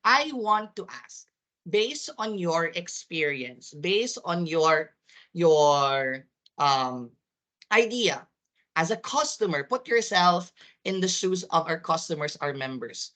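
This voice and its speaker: A woman hosts a live online staff training over a video call. Her tone is bright and forceful, though her resting pitch sits slightly low. She sounds upbeat and swings upward whenever she questions her audience. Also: animated, slow. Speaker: corporate trainer.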